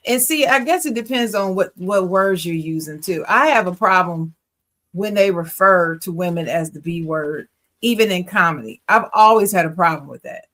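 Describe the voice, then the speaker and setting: A woman's voice: mid-range voice, a bit bright. Woman, podcast co-host, casual and opinionated, chatty with easy laughs. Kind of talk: casual chat.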